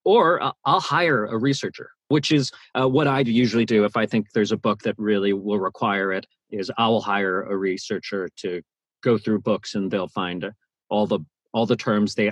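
A man's voice: fairly low pitch, slightly rough, no room sound. A man who narrates audiobooks, talking animatedly in an interview and often restarting his sentences. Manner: animated, many restarts and repeated words. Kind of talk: interview conversation.

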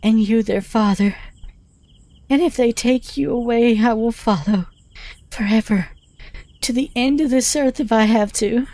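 A man's voice: very high voice, unhurried, long pauses, darkish tone, dry recording, pitched above the performer's own voice. Man doing a devoted young she-wolf creature. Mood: determined.

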